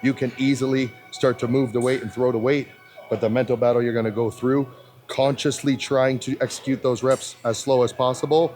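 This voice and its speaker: A man's voice: medium pitch, level tone, a little fast, darkish tone. A man working as a personal trainer, calling out terse commands and counting reps aloud. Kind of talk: gym coaching. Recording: background music.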